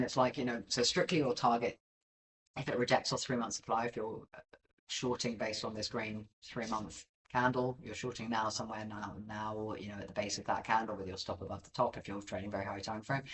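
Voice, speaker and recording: A man's voice: fairly low pitch, a bit bright, recorded from a distance, poor audio. A man giving casual live-stream market commentary over charts, rambling and self-deprecating with many filler ums. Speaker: livestream crypto chart analyst.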